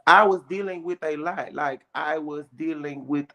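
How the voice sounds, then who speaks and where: A young adult woman, a guest on a casual chat show, telling a story in an animated way with plenty of slang. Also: deep voice, normal speed.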